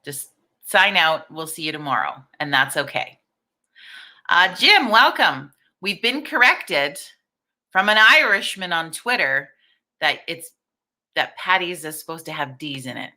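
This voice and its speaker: Hosting a relaxed live stream, a middle-aged woman speaks in a bright, forceful voice pitched slightly low. She's expressive and unhurried, talks frankly, swears with no restraint and says hello to each viewer individually.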